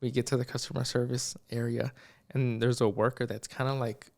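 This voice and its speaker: A young man, a podcast co-host, telling a story in casual chat, animated, acting out the people in it and swearing freely. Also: mid-range voice, brisk, vocal fry.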